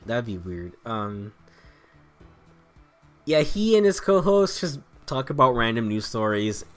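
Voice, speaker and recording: A man's voice: mid-range voice, a bit bright. A man chatting loosely while he plays through a video game, his voice swinging widely up and down. He rambles from one aside to the next, cracks jokes, curses casually and laughs a lot, with faint game music underneath. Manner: rambling, joking, laughs often, swears. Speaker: let's play host. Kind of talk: casual gaming commentary.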